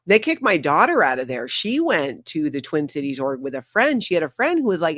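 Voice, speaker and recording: A woman's voice: fairly low pitch, very animated, moderate pace, no room sound, clean studio sound. A middle-aged woman hosting a casual chat, talking freely and laughing often as she tries out playful accents. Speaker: host.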